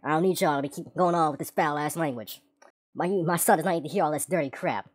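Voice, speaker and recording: A woman's voice: low-pitched, fast talker, slightly rough. A woman mimicking a large, stern father who scolds a group for cursing, repeating himself as he tells them to stop. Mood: scolding. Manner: scolding, repetitive.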